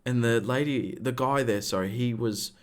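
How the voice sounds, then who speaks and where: Man, podcast co-host, loose rambling storyteller, swears constantly, mid-pitched everyday voice. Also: normal speed. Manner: profane, rambling, heavy slang. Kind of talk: casual storytelling.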